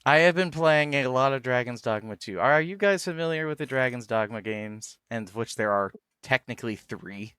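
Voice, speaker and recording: A man's voice: medium pitch, moderate pace, hardly any pauses, smooth, no room sound. A man hosting a live stream, chatting enthusiastically and often restarting his sentences. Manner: relaxed, enthusiastic, stumbles and restarts. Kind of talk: casual chat on a live stream.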